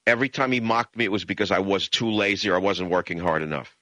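An older man from the Bronx, hosting a radio talk show in an impassioned, emphatic monologue that swings into high, mocking rants. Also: fast talker, sharp tone, dry recording. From the Bronx, New York.

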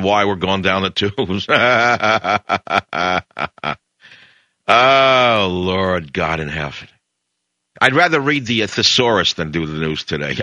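A man's voice: sharp tone, dry recording. An older man, hosting a talk show in a rambling, digressive storytelling monologue. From Brooklyn, New York. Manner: digressive storyteller, jumps between tangents with sudden pitch leaps.

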